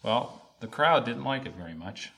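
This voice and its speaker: A man preaching a sermon in an earnest way, often repeating lines and rising to loud, emphatic calls. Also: medium pitch, animated, moderate pace.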